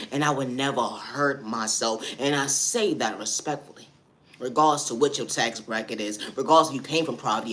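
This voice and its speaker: A man of average pitch talks through a loose spoken-word poem. He keeps looping back to the same refrains and repeats phrases for emphasis. His delivery is steady and unpolished. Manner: repetitive refrains, "at the end of the day", "I say that respectfully". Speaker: vlogger.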